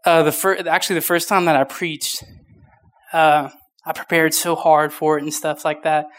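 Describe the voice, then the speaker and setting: A man's voice: a little high, flat delivery, moderate pace, fairly bright tone. A young man in his twenties preaching a casual youth sermon, short of breath, with many restarts and fillers. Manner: informal, rambling, many restarts. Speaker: youth pastor.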